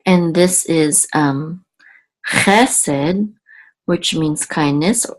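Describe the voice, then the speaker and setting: A woman teaching Biblical Hebrew word by word, patient and halting, often correcting herself. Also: low-pitched. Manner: halting, with many fillers and self-corrections. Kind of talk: slow, patient word-by-word lesson.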